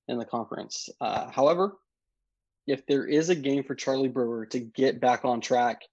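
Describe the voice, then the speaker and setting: A man's voice: mid-range voice, darkish tone, no echo. Podcast co-host guy running through stats, sounds kinda dull and dry like a remote mic. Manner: measured, stat-heavy analysis. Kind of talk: casual sports analysis.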